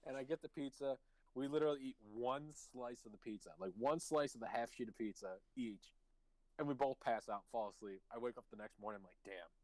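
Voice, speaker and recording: A man's voice: medium pitch, fairly quick, darkish tone, no room sound, low-quality recording. A man hosting a live stream and telling casual stories, swearing freely and laughing mid-sentence. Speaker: stream host. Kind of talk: casual chat, telling anecdotes.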